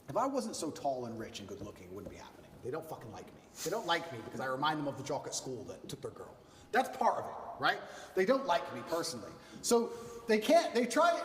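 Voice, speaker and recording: A man's voice: fairly high pitch, huge pitch swings, a little fast, slight background noise. A man in an impassioned rant, emphatic and defiant, hammering the same points over and over. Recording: echoey hall, voice far from the mic.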